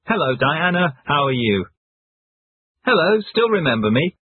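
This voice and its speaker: A man reads short example phrases with a lively, up-and-down delivery. His voice is a little husky, close and dry, squeezed into a tinny, phone-like band. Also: a little high, a little slow, dry recording. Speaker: English phrase teacher. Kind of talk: scripted example sentences.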